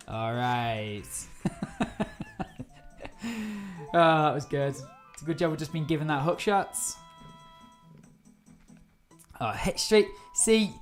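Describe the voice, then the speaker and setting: A woman chatting through a live gameplay stream, easily startled and quick to laugh. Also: deep voice. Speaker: game streamer.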